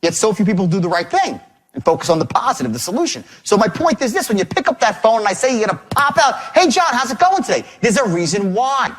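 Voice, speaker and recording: A husky male sales trainer with a high voice that swings wildly up and down as he tells a story to a seminar. He talks in a profane, punchy way, hammering points home by repeating them. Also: fast. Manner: animated, profane, emphatic repetition.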